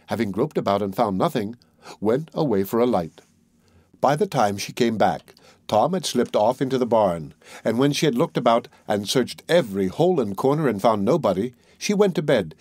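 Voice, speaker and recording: A male audiobook narrator with a voice of ordinary middle pitch, telling a fairy tale in a measured, even way. The recording is close and dry, with no room echo. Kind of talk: storybook narration.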